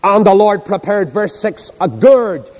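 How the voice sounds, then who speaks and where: A man delivers a sermon with an animated, up-and-down voice that sits a little high for a man. He often turns rhetorical questions on his listeners. His words ring out with a long reverb, as in a big church hall. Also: unhurried. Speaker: preacher.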